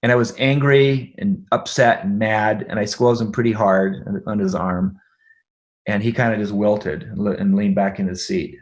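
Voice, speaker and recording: In an interview, a middle-aged guest relates a personal story about his family, bringing animation and laughter to it. He checks in with his listener now and then, speaking at a moderate pace with a fairly low voice.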